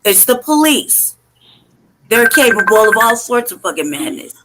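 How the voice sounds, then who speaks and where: A woman with a slightly high-pitched voice hosts a live online stream. She spins a story in a casual, animated way, swearing freely and stacking up pointed rhetorical questions. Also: background noise. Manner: animated, profane, emphatic storyteller; asks rhetorical questions in rapid runs. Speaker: host of an online show.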